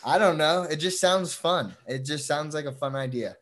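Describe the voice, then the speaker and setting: A young man co-hosting a casual podcast, excitable and quick to swear and laugh. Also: a little high. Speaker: podcast co-host.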